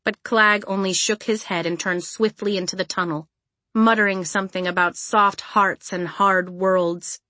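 A woman narrating an audiobook in an even, measured storytelling voice. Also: medium pitch, no room sound. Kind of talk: scripted narration. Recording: dry close studio recording.

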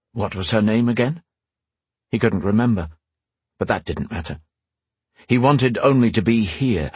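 Husky man narrating a fantasy audiobook. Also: fairly low pitch, no room sound.

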